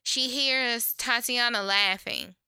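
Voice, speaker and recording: Podcast co-host, woman, casual storyteller; bright, crisp voice, dry close recording. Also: on the high side, slow, dry recording. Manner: animated storytelling, acts out quotes, swears freely. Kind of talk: casual chat recapping reality TV.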